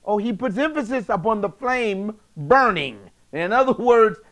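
A man preaching a sermon, emphatic and slangy, swinging between loud bursts and hushed asides. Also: high voice, animated, unhurried, hardly any pauses.

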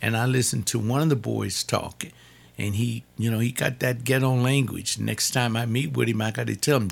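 A man's voice: mid-range voice, steady tone, normal speed, vocal fry. An older man giving an informal sermon-style talk, repeating words for emphasis. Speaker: preacher.

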